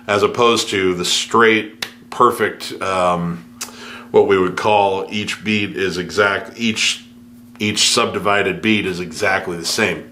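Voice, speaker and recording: Low, bright-voiced male piano teacher. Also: takes it slowly, slight background noise. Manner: relaxed, scatting rhythms with nonsense syllables. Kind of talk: music lesson with spoken rhythm demos.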